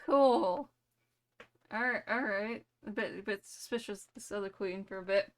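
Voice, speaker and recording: A woman's voice: medium pitch, moderate pace. A young woman streamer, playful and giggly, rambling through an improvised story.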